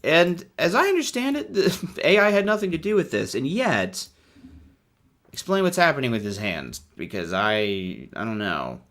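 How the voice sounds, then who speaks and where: A young man hosting a comedic commentary video, riffing wryly on book illustrations and swinging from mutters to excited outbursts. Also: medium pitch, normal speed. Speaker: video host.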